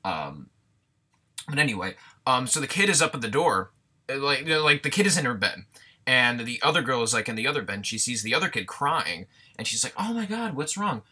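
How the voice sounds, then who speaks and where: A man's voice: medium pitch, animated, a little fast, bright, forceful tone. A young man ranting through a casual movie review, sarcastic and exasperated, swearing freely.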